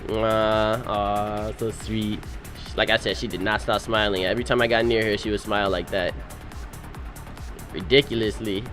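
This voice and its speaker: A young man, recently married, narrating his wedding photos in animated, slangy, casual storytelling. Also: fairly low pitch, soft background music. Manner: animated, slangy storytelling with quick voice-acted quotes. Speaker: groom.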